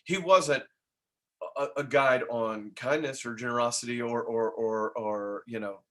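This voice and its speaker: A man giving an energetic real estate sales training talk, tossing in tag questions and quick laughs as he goes. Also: medium pitch. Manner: energetic, acts out dialogue in quick asides.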